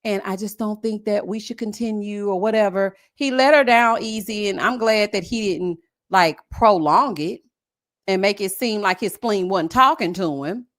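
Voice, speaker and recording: A woman chatting casually about a reality show, sassy and animated, calling people honey and mocking them with impressions. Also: mid-range voice, normal speed. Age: adult with a son. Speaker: live-stream reality show commentator.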